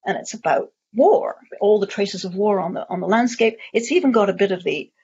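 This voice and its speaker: A woman's voice: medium pitch, brisk, darkish tone, husky. A woman answering audience questions at a talk, discursive, with many fillers and restarts. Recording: muffled lo-fi audio.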